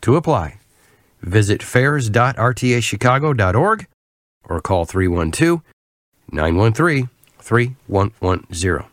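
A man reading a scripted public service announcement, clear and measured, spelling out web addresses and phone numbers. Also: lowish voice, big pitch swings, no room sound, studio quality.

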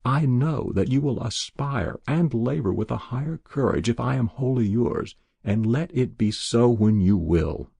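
A man's voice: medium pitch, expressive, unhurried, gravelly, hardly any pauses, dark tone, breathy edge, no echo, exaggerated voice. Man reading an earnest devoted young woman. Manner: earnest, tender. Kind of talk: audiobook character voice.

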